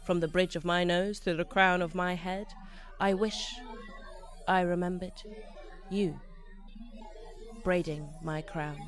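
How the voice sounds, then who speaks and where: A woman performing spoken word poetry, slow and lyrical, repeating phrases. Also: on the low side, fairly even intonation, faint music behind.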